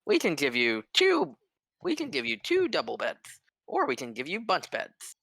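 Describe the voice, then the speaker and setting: A man's voice: huge pitch swings, normal speed, vocal fry, sharp tone, dry recording, full character voice. A man voicing a fussy, eager-to-please male innkeeper in a tabletop game, in a raised, hesitant voice. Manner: chatty, hesitant, pitched up.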